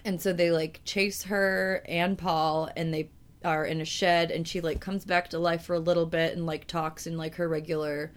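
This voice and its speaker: A woman's voice: low-pitched, flat delivery, moderate pace. A woman co-hosting a podcast in casual chat, rambling through a plot summary with lots of "like" and "um". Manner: rambling, many fillers like "like" and "um". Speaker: podcast co-host.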